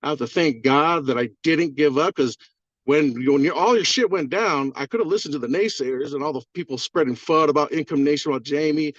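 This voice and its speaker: Brief: excitable man, higher voice, swears freely, muffled dry video-call audio. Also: fairly quick, dry recording. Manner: profane, rambling, fired-up. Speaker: caller on a community call. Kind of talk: excited testimonial on a group call.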